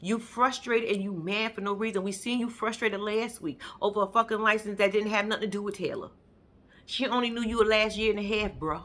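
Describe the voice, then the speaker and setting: Sassy woman, bright and forceful, doing a blunt, profane show-recap rant. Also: mid-range voice, moderate pace. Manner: blunt, sassy, profane commentary with sudden loud bursts. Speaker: reality TV recap vlogger. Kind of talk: animated casual recap rant.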